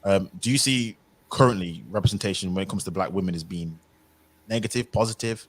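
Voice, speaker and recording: A man's voice: deep voice, a little fast. A man hosting a livestream panel, talking casually with lots of "um"s and easy agreement. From United Kingdom. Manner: relaxed, filler-heavy, agreeable. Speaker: livestream host.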